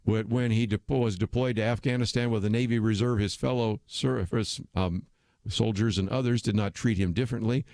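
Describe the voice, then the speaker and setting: Low-voiced opinionated radio talk host. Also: male voice, fairly even intonation, a little fast, a little mellow, no room sound, studio quality. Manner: conversational, opinionated, frequent "uh" fillers. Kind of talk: conservative talk radio commentary. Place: radio studio.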